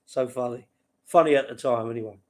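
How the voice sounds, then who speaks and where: Late at night, a male livestream host rambles casually, addressing viewers by name and chuckling at his own tales. He has a mid-range voice.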